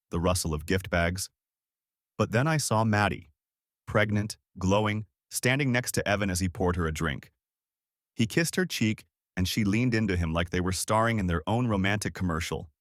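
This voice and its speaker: A man with a fairly low voice narrates a first-person story. His delivery is steady and even. The sound is close and dry, with no room around it. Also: dry recording.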